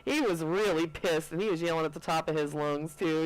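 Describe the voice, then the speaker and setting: A man's voice: on the high side, a little fast, hardly any pauses, poor audio. A man co-hosting a podcast, chatting casually and telling laid-back stories full of swearing. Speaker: podcast co-host. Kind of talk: casual chat.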